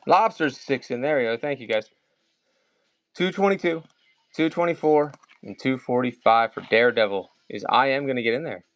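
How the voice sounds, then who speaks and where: A man's voice: mid-range voice, a bit bright, no room sound. A man with a Maryland accent hosting a casual live sale of comics, chatting and calling out bids. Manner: chatty, rambling, calls bids fast. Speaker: livestream seller. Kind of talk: casual live auction chat.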